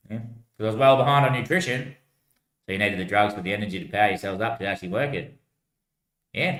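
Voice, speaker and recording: A man's voice: medium pitch, a bit bright, roomy sound. A man rambling to himself, answering his own remarks and swearing freely.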